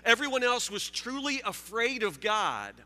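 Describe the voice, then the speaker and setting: A man preaching a sermon, halting and repeating words, joking with his listeners. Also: very high voice, big pitch swings, bright, forceful tone. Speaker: pastor. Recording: long hall reverb.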